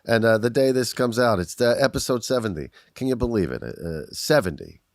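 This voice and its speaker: A man's voice: medium pitch, expressive, a little fast, no echo, studio quality. A man co-hosting a casual podcast, joking and bantering in a self-deprecating way. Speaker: podcast co-host. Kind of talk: casual chat.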